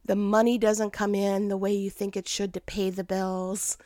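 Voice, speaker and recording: A mother telling a casual personal story with a life lesson, animated and laughing often as she acts out what people said. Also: mid-range voice, normal speed, no room sound, clean studio sound.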